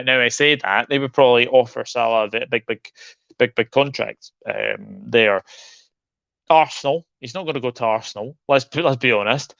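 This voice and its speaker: A man's voice: mid-range voice, creaky, bright, forceful tone, dry recording. Frustrated male football streamer, dull dry sound. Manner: frustrated, repetitive, stumbling restarts. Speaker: football channel host. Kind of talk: live-stream football commentary.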